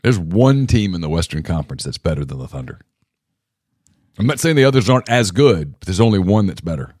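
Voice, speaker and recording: A man from Louisiana co-hosting a casual sports podcast, rambling and self-deprecating, quick to laugh. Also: low voice, very animated, a little mellow, dry recording, studio quality. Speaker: podcast co-host.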